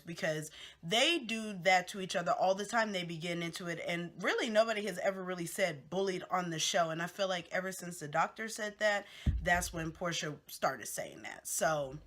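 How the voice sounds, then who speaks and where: A woman's voice: fairly low pitch, fairly bright tone. A woman hosting a casual gossip recap of a reality show, chatty and candid with lots of fillers and asides.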